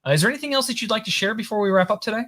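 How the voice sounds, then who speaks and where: A man's voice: high-pitched, expressive, very fast, pushed and bright. A man hosting a casual interview over a video call, friendly, with hesitant restarts. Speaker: show host.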